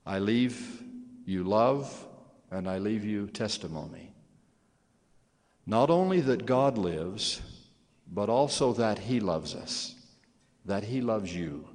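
A man's voice: on the low side, darkish tone. A man giving a sermon to young church members, earnest and solemn, swelling in force on key phrases. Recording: long hall reverb.

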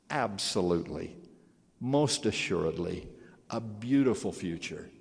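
Slow, solemn man preaching in a large hall. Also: lowish voice, a little mellow. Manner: slow, solemn and earnest, swelling on key phrases. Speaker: church leader addressing young members. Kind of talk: sermon. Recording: long hall reverb.

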